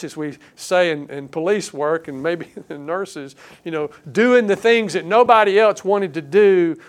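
With earnest, emphatic conviction, a male pastor gives a sermon. His voice is resonant and smooth, a bit high for a man, and he slows down into stressed phrases to emphasize key words.

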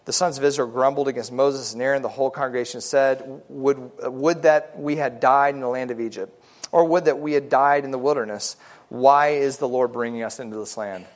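A man teaching a relaxed Bible study class, talking things through in a loose, chatty way and pausing on fillers as he goes. His voice sits at an everyday middle pitch for a man, and he moves between explaining and reading scripture aloud.

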